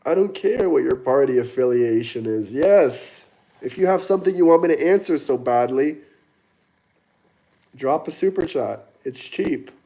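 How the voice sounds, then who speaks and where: A young American man hosts a casual livestream, reading chat and responding to viewers with blunt, argumentative mockery. His voice sits at a medium pitch and sounds mellow and expressive, with a slightly slow delivery.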